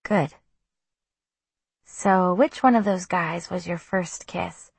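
A teenage boy talks with easy, sarcastic teasing, as a woman narrator voices him softly and breathily. Her delivery is slow and close to a dry mic. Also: lowish voice, gravelly, slightly rough, no echo, heavily acted.

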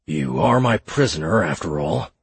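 A man's voice: low-pitched, very animated, moderate pace, gravelly, slightly rough, long reverb tail, heavily acted. A man voicing a cold, menacing old male spymaster who interrogates in curt commands. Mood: dry.

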